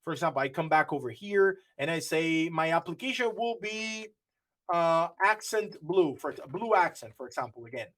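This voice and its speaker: A man's voice: on the high side, animated, moderate pace, a bit bright. Man talking through a coding demo. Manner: explanatory, repeats and restarts phrases. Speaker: workshop instructor. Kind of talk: live coding workshop.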